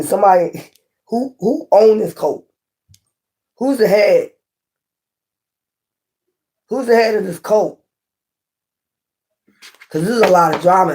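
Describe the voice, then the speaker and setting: A woman's voice: on the low side, warm tone. A woman giving a casual tarot reading to camera, blunt and profane, talking with passion, repeating points and asking her viewers questions. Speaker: tarot reader.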